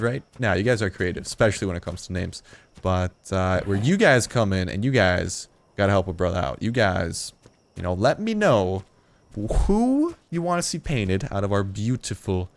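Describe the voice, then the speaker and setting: A late-teen man giving casual gameplay commentary as a video host, rambling, joking and swearing often. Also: lowish voice. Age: late teens.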